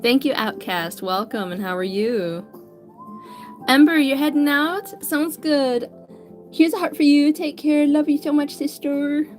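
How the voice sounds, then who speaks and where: Her voice is high and unhurried, with faint music in the background. She's a digital artist streamer chatting casually while she draws, greeting viewers by name in a bubbly, talkative manner.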